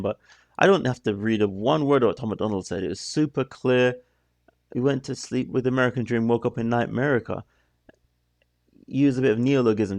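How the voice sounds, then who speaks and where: Low gravelly guy rambling through a video reaction, stop-start, keeps saying sorry, dry close sound. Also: no room sound. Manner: musing, stop-start, apologetic asides. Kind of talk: casual reaction commentary.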